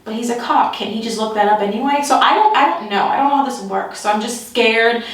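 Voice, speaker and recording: A woman telling a story in a casual storytime vlog, animated and breaking into nervous laughter. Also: a little high, brisk. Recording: echoey room, distant mic.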